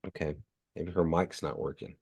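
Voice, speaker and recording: A man teaching a language class online, patiently modeling each sound slowly; his voice is nasal from allergies, heard over a video call. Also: very deep voice, fairly even intonation, a little mellow, breathy edge.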